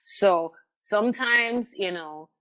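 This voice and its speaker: A woman's voice: mid-range voice, slow pace, fairly bright tone. A woman from Jamaica with a Jamaican accent, a podcast guest talking candidly and emphatically in conversation, often repeating words for emphasis.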